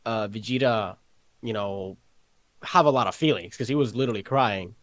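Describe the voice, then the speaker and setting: A man co-hosting a podcast in relaxed chat, agreeable and quick to laugh, with stumbling restarts. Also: on the low side, no room sound. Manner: easygoing, agreeable, frequent fillers and laughter. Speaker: podcast co-host. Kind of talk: casual chat.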